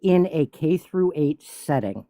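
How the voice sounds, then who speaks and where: A debate panelist on a live stream who asks pointed questions in a measured, insistent way over an online call. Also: medium pitch, lively intonation, dark tone.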